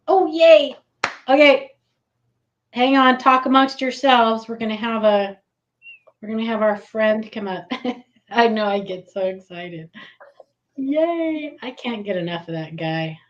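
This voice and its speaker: A woman hosting a casual live stream, giggly and excitable, greeting viewers by name. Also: medium pitch, highs cut off.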